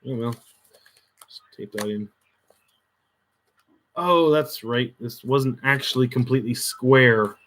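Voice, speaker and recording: A man's voice: mid-range voice, slow pace, long pauses, a bit bright. A man chatting casually on a crafting livestream, muttering to himself as he works, with dry sarcastic asides.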